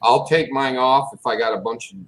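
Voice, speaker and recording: A man's voice: medium pitch, steady tone, brisk, a bit bright, poor audio. Brief: man, mid-range voice, easygoing jokey co-host swapping stories. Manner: chatty, jokey reminiscing. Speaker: podcast co-host. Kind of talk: casual chat.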